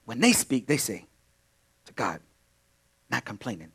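A male pastor preaching a sermon, swinging between loud exclamations and hushed asides, addressing the congregation directly and repeating phrases. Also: medium pitch, sing-song, moderate pace, creaky, long pauses, slightly rough.

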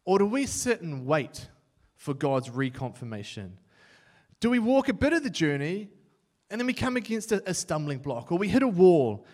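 A young man with a New Zealand accent preaching a sermon, his voice sitting a touch higher than most men's. He tells his own story with self-mocking humour and lively swings from loud to hushed. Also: moderate pace.

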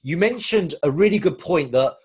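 A man's voice: on the high side, animated, moderate pace, darkish tone, husky. A man hosting an interview, affirming and summing up his guest's points. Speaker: host. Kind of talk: podcast interview.

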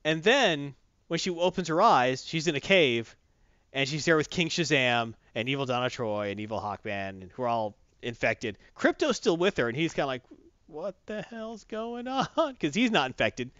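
Bright, lively, chatty man. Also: mid-range voice, normal speed, dry recording, lo-fi sound. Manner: chatty, rambling, lots of fillers, giggly. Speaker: comic book podcast host. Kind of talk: casual chat.

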